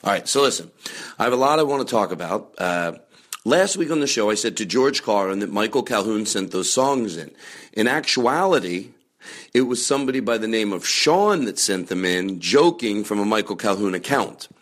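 A man hosting a comedy podcast, rambling through a chatty monologue with loud bursts of mock anger and frequent swearing. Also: on the low side, lively intonation, moderate pace. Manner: chatty, with many fillers and restarts. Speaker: podcast host.

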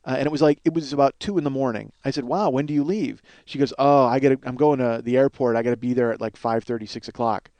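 A man's voice: mid-range voice, quick pace, few pauses, a little mellow, no room sound. A middle-aged man telling a rambling, self-mocking comic story as a podcast host. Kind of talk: casual comedic monologue.

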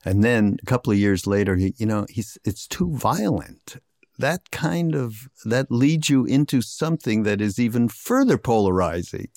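A man in casual conversation, speaking in a relaxed, agreeable way and laughing easily. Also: lowish voice, normal speed, few pauses, dry recording, studio quality.

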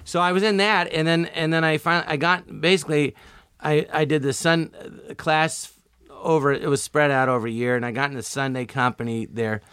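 Middle-aged male comedian guest, animated storyteller, dry close sound. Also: a little high, a little fast, smooth, dry recording. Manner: animated, acts out quoted voices. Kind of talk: casual storytelling interview.

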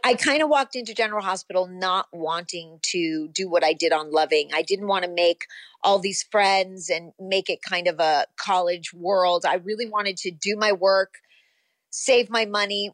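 A woman in her fifties, an actress being interviewed, recalling her past in a relaxed, rambling way full of ums and you-knows. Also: mid-range voice, no echo. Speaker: actress guest. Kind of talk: casual interview.

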